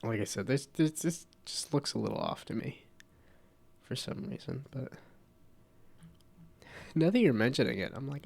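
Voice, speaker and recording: A man's voice: mid-range voice, lively intonation, normal speed, creaky, long pauses, darkish tone. A man chatting casually on a live stream while he works, congested from a cold, rambling and self-deprecating with frequent laughs.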